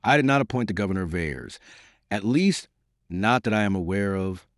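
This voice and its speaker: A man voicing a vain, excitable duke who protests in a flustered way in an audiobook reading. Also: lowish voice, moderate pace, dry recording, clean studio sound, lightly acted. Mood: protesting.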